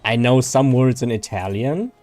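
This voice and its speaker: A man's voice: mid-range voice, normal speed, a little mellow, faint music behind. A man, chatting casually and rambling to viewers while he streams a game. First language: German. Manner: rambling, chatty, reads viewer names aloud.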